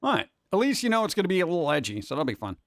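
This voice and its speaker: A male streamer chats casually with his live audience in a voice pitched a little above the usual for a man. He rambles and jokes, hopping from one topic to the next. The sound is dry and close, with no room ring at all. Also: wildly swooping pitch, rapid-fire, dry recording. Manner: rambling, jokey, jumps between topics. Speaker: cartoon creator and streamer host.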